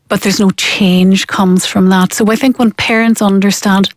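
A woman's voice: medium pitch, moderate pace, hardly any pauses, no echo. A woman, a parenting expert explaining her methods in an interview, acting out the parents she quotes. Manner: animated, acts out quoted parents.

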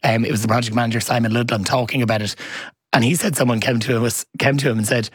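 Husky man in rambling casual chat. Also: medium pitch, fairly even intonation, quick pace, no echo. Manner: rambling, hesitant, self-correcting. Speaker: podcast co-host.

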